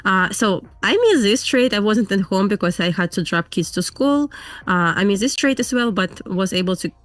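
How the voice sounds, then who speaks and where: A woman's voice: mid-range voice, lively intonation, normal speed, dry recording. A woman from Belarus with a Russian accent, a guest trader talking earnestly in casual interview chat over a video call. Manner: earnest, plain-spoken non-native English with frequent laughs.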